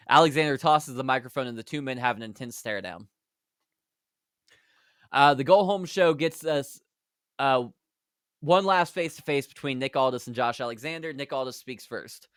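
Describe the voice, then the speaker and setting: A man hosting a podcast, recapping a fantasy wrestling card in brisk play-by-play storytelling. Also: medium pitch, a bit bright, clean tone, dry recording, clean studio sound. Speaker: podcast host.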